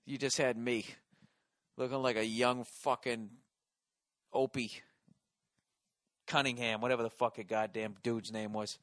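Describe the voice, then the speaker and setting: A man with a Boston accent tells a stand-up story in a profane, exasperated rant. His voice sits at a middle pitch and jumps into loud bursts. The sound is dry and close, with no room echo. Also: level tone, unhurried, pauses often. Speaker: stand-up comedian.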